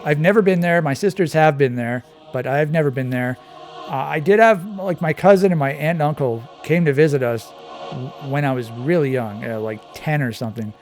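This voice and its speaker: A Canadian quiz channel host plays a map quiz, thinking aloud and drifting into casual tangents as he goes. His voice is on the high side, brisk and a little mellow, with soft music in the background.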